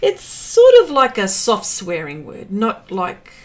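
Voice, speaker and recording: An Australian woman hosting a livestream has a medium-pitched, darkish voice that swoops wildly in pitch at a slow pace. She chats casually as she paints, reading viewer comments out loud with lots of fillers.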